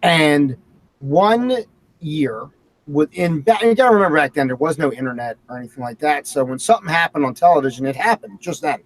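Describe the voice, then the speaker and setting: A man's voice: a little high, lively intonation, fairly quick. A man hosting a casual talk show, telling a story with lots of animation. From Philadelphia area. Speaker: host. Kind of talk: casual chat.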